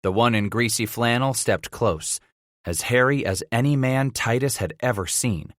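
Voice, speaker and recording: A man narrating a western audiobook in a measured storytelling manner. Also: fairly low pitch, fairly bright tone, dry recording, studio quality. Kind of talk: scripted narration of a western novel.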